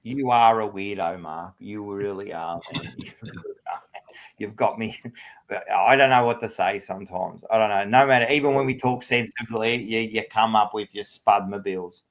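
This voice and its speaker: A man hosting a sports podcast panel, teasing his co-hosts in lively banter. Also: moderate pace. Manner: teasing, excitable, rising pitch when ribbing others.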